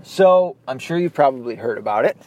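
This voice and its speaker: Male podcast host, opinionated and foul-mouthed, with an animated, lively delivery. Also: medium pitch, a little fast. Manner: profane, blunt, opinionated. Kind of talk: casual ranting commentary.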